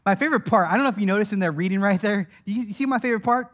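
A man preaches rapid-fire in a high-pitched voice, keeping the sermon animated and full of jokes. He laughs as he tells stories, imitating the people he quotes.

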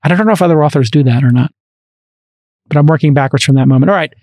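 A man's voice: fairly high pitch, very fast, dry recording. Chatty Brooklyn man, dry studio mic. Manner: animated, talkative, many fillers and restarts. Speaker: podcast host. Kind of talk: casual interview chat. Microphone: studio microphone.

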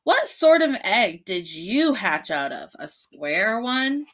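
A woman's voice: mid-range voice, big pitch swings, slow, a bit bright, heavily acted. A woman voicing a group of bossy, mean female hens who mock the others in a picture-book story. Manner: scornful, mocking.

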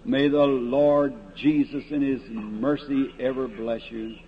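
Before an audience in a large meeting hall, a male evangelist preaches an old-time revival sermon and leads a prayer line in a plain-spoken, folksy, earnest manner. His medium-pitched voice is flat and slow, and the archival tape is dull and lo-fi with a faint hiss.

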